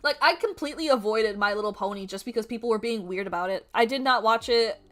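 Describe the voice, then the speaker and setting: Bright-voiced woman streamer, chatty and animated. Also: medium pitch, fast talker. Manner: animated, swearing, laughing, quoting people in mock voices. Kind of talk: casual chat while drawing on stream.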